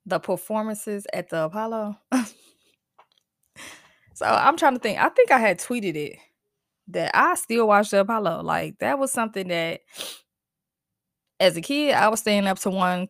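A woman's voice: mid-range voice, normal speed, long pauses, no room sound, studio quality. Profane, fired-up woman podcast host. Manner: heated, profane, animated venting with laughs and sighs. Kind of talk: casual solo podcast rant.

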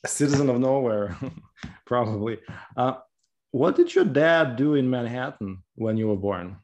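A man hosting an interview, asking curious, friendly questions with hesitant pauses. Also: mid-range voice, sing-song, a little mellow, highs cut off. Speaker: host, interviewer. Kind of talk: casual interview.

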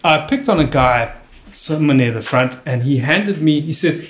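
A man telling comic stories in casual chat, animated and jumping high in pitch when he quotes people. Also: normal speed, reverberant.

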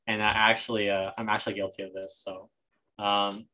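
A man's voice: on the low side, little pitch movement, normal speed, pushed and bright. A young man guesting on a podcast, telling a rambling family story with laughter and fillers. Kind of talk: casual chat.

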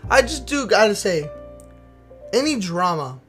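A man's voice: sits high, very animated, measured pace, a bit bright, faint music behind. A young man in casual chat as a podcast co-host, telling rambling stories full of slang, fillers and swearing. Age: young adult.

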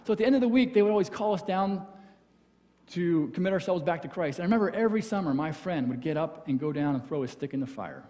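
A man preaching a conversational sermon as pastor, acting out quoted voices and dropping very soft for emphasis. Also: high-pitched, animated, fast. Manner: conversational, acts out quoted voices, drops to near whisper for emphasis. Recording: church hall with long reverb.

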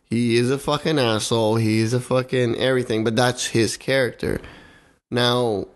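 A man's voice: medium pitch, fairly even intonation, normal speed. Heated young man ranting casually. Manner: heated, swearing, repeats himself for emphasis. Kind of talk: casual opinionated chat.

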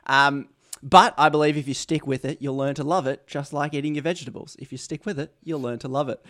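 A man's voice: on the high side, fast, fairly bright tone. Rambling Australian man hosting a podcast. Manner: rambling, self-mocking, jokey asides. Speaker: podcast host. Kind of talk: casual interview chat.

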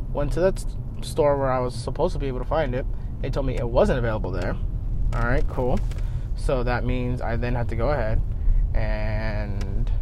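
A man telling a long profane story with lively put-on voices as he drives. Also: mid-range voice, slight background noise. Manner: profane, rambling, animated retelling with put-on voices. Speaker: vlogger. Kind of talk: casual storytelling while driving. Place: in a car.

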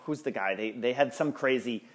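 A man hosting a sports podcast in casual chat, ranting with exasperation and stumbling restarts. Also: moderate pace. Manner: lively, swinging up and down in pitch. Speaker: podcast host.

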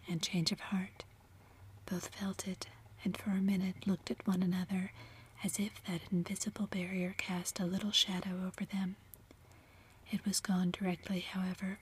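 Woman whispering a story, flat and even. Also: on the low side, slightly rough. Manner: unvoiced whisper, measured. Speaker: reader. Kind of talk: whispered role-play.

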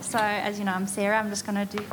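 A woman speaking nervously from a church stage, hesitant and filling her pauses with ums. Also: mid-range voice, completely flat delivery. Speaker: church graphic designer. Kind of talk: nervous announcement. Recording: echoey hall with ambient noise.

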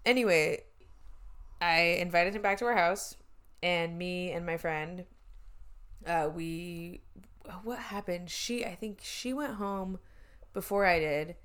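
A woman's voice: fairly low pitch, slow pace, long pauses, fairly bright tone, smooth. A young woman in her twenties telling a story in casual chat, swearing, laughing and using lots of fillers.

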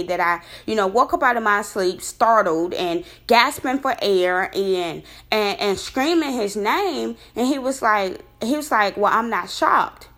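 A woman casually telling a personal story, rambling and animated, her voice jumping high when she recounts her disbelief. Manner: rambling with many fillers and restarts.

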